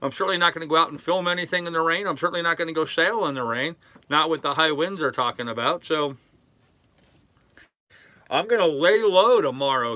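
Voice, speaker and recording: An older man live-streaming from his sailboat in a harbor, chatting casually with his chat in a relaxed, rambling way full of fillers. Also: fairly high pitch, dry recording. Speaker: sailing vlogger reading live chat.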